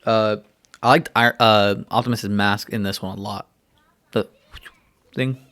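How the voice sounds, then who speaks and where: A young man co-hosting a podcast, relaxed and chatty, often laughing and asking questions. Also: fairly low pitch, a little slow. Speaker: podcast co-host. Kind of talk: casual movie review chat.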